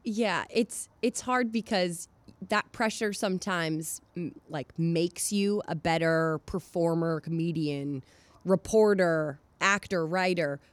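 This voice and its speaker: A woman's voice: on the low side, slow pace, no room sound. A woman hosting a casual podcast interview, supportive, laughing often and affirming her guest. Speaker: podcast host.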